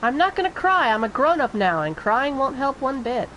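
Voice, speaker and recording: A woman's voice: high-pitched, sing-song, normal speed, fairly bright tone, a little hiss or hum, rough recording. A woman voicing a stubborn little summoner girl, reading game dialogue aloud and insisting she is grown-up. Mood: defiant.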